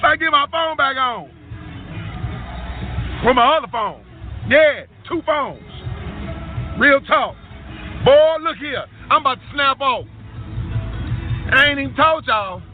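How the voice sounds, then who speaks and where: A man loudly celebrating and whooping in a rant he recorded in his car. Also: extremely high pitch, lively intonation, unhurried, long pauses, faint music behind, some chatter behind. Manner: boisterous, whooping and exclaiming. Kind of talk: self-filmed celebration rant. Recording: tinny phone-like audio.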